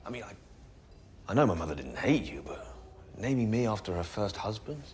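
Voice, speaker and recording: Teasing young man, low voice with lively inflection. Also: brisk. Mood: wry.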